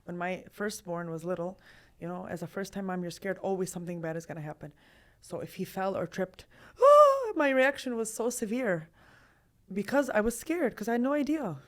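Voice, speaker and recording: Woman therapist in her thirties, podcast chat, animated, rhetorical questions, middle-pitched voice. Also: a little fast. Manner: animated, acts out quoted voices, asks many rhetorical questions. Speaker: trauma therapist, guest. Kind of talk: podcast conversation.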